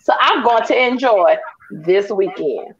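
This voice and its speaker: A woman from Texas chatting loudly and emphatically as a guest in a casual group talk. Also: mid-range voice, lively intonation, a little slow. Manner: loud, emphatic, Southern Black vernacular. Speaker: podcast guest, business owner. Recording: muffled lo-fi sound.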